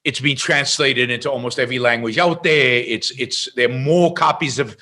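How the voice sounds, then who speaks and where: A middle-aged man, a podcast guest, telling a story in an emphatic, animated way. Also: mid-range voice, moderate pace.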